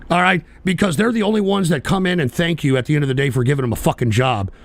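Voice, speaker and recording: An American man hosting a live political show, ranting with heavy profanity, erupting into shouts and reading viewer chat aloud. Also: sits high, gravelly. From United States. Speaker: host.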